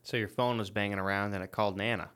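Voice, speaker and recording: A woman with an unusually deep voice co-hosts a casual podcast chat. She mostly chimes in with short reactions and quick asides. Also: steady tone, fairly bright tone. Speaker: podcast co-host.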